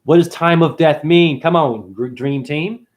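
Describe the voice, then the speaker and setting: Profane, swinging livestream ranter, man. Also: measured pace. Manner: profane, swings between loud high outbursts and low mutters. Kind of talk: rambling spiritual livestream rant.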